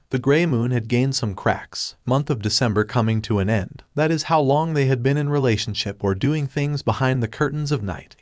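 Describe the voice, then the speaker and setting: Male narrator, flat fan-fiction reading; middle pitch, very dry close sound. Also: no echo. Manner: reads punctuation aloud in a flat voice.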